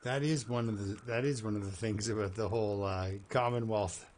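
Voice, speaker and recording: A man's voice: fairly low pitch, fairly even intonation, fairly quick, darkish tone. A man with a Canadian accent giving chatty, rambling gameplay commentary as a streamer, talking to his chat and to himself.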